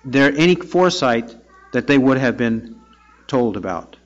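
In a dull, lo-fi recording, a man with a medium-pitched, animated voice delivers an expository sermon at a measured pace. He works through the text verse by verse, reading scripture aloud and then pressing his listeners with rhetorical questions.

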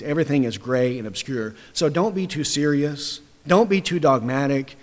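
A man preaching a sermon with forceful, emphatic delivery, building to loud declarations and dropping low again. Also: big-room sound.

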